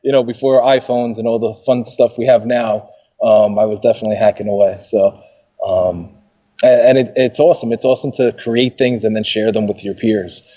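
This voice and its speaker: A man speaking as a guest on a podcast, relaxed and hesitant, with frequent ums. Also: on the low side, moderate pace, lo-fi sound. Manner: relaxed, many ums and uhs. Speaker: podcast guest, software developer. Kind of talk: casual interview chat.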